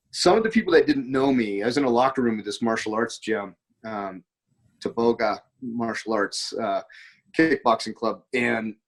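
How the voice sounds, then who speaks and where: A man's voice: mid-range voice, poor audio. A man, a podcast guest, talking in a rambling, anecdotal way during a casual conversation. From United States.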